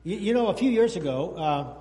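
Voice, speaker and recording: A male pastor preaching a sermon, telling a story in an animated way and calling out to the children in the congregation. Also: high-pitched, brisk. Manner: animated storytelling, talks to the kids in the room. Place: church sanctuary. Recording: long hall reverb in a church.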